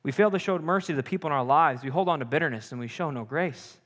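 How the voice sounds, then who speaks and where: A young man preaching a sermon with animated, joking asides. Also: a little high, fast. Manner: animated, jokey asides and acted-out quotes. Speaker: pastor. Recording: long hall reverb.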